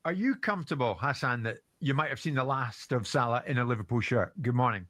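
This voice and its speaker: A man hosting a radio phone-in, brisk and courteous as he introduces and thanks the callers. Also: mid-range voice, very noisy. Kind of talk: radio presenting. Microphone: studio microphone.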